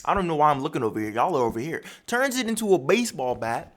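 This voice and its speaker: A man's voice: a little high, fast. Guy rambling through a manga recap, voice jumping all over the place. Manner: animated, rambling storytelling. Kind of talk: casual chapter breakdown.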